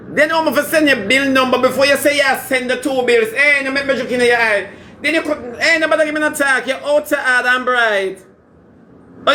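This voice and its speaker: A man playing a brash, demanding Jamaican woman in a comedy skit, talking in loud patois banter that moves between scolding and wheedling. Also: very high voice, slight background noise.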